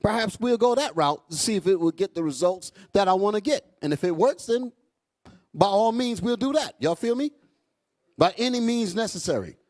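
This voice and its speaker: A man preaching a fiery, profane sermon to his congregation, calling out to them as he goes. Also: moderate pace. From United States. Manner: loud, animated, swings high and low, profane, asks crowd "y'all all right?".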